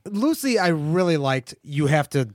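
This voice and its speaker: A man's voice: on the high side, big pitch swings, slow, darkish tone, dry recording, clean studio sound. A man co-hosting a podcast, chatting casually about movies with enthusiasm and frequent restarts. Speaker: podcast co-host.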